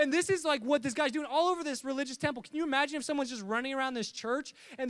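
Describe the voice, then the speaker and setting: A young pastor tells stories from the pulpit in a lively, joking way, often acting out the voices of the people in them. His voice sits high for a man. The sound is dry and close, with no room echo. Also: fast, few pauses, clear, resonant tone. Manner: lively storytelling with jokes and acted-out voices. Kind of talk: sermon.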